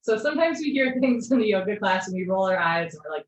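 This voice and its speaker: A woman leads a yoga class over a video call, her voice at a middle pitch. She calls out posture cues in a calm, even flow and drops in gentle asides. The sound is roomy and a little dull. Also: fast talker. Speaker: yoga teacher. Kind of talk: live online yoga class instruction. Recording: echoey lo-fi video call audio.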